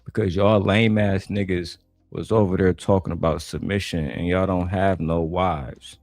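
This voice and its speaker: A man from Detroit with a deep, low voice tears into a panel in loose, profane slang. His talk is blunt and trash-talking, recorded dry and close with a faint music bed. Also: fairly even intonation, normal speed, darkish tone, no echo. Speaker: commentator reacting to a panel clip. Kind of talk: profane reaction commentary.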